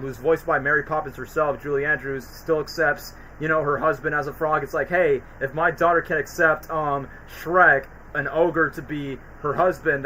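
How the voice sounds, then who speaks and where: Bright, high-pitched young man rambling. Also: slight background noise, poor audio. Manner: rambling, slangy, full of "like" and "bro". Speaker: streamer host. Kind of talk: casual livestream commentary.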